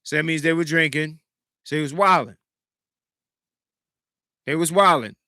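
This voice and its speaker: Animated high-voiced podcast host. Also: male voice, normal speed, no room sound, clean studio sound. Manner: animated, emphatic, swings between loud and hushed. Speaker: podcast host reacting to a clip. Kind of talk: casual commentary.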